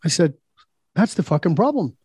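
A man's voice: on the high side, very animated, brisk, dark tone, breathy edge, no room sound, clean studio sound. A man guest in a casual interview, telling blunt stories and acting out dialogue, swearing freely. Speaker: podcast guest, leadership speaker.

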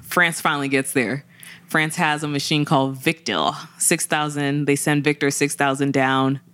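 A woman's voice: deep voice, normal speed. A woman co-hosting a podcast, telling a news story in casual chat, acting out the people she quotes. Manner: animated storytelling, acts out quoted voices. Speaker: podcast co-host.

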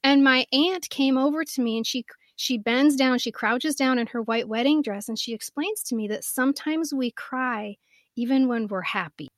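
Podcast co-host: woman, 50s, lively storyteller, a bit high-voiced, dry close mic. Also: normal speed, no room sound. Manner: animated storyteller, swings from soft to loud. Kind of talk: casual chat.

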